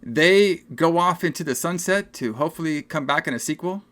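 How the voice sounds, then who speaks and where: A young man co-hosting a podcast, recapping a movie in casual, animated chat and laughing often. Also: on the high side. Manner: animated, laughing, acts out film lines in quick voices. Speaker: podcast co-host.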